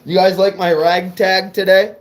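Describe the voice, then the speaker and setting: A man's voice: high voice, little pitch movement, normal speed, rough recording. A man from New England chatting casually on a livestream, rambling and swearing, fired up. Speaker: car audio livestreamer.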